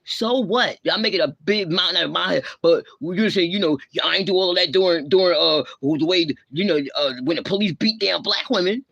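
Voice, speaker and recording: A woman's voice: fairly low pitch, fairly quick, gravelly, few pauses, fairly bright tone, no room sound, dull audio. A woman hosting a livestream, ranting and scolding in blunt, slang-heavy talk with a lecturing tone. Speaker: livestream host. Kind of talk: ranting live commentary.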